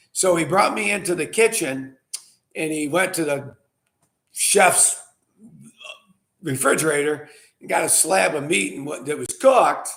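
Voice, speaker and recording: A man's voice: fairly high pitch, a bit bright. A middle-aged man hosting his own wine show, telling a rambling story in a chatty way before a casual tasting. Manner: rambling, chatty, full of fillers and asides. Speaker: winery owner and show host.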